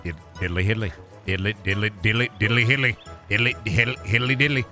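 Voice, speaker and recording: A man's voice: fairly low pitch, fairly even intonation, fast talker, pushed and bright, soft background music, voice pushed down. A man impersonating a chirpy, folksy cartoon neighbor, rattling off sing-song nonsense syllables. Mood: goofy. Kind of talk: comic voice impression.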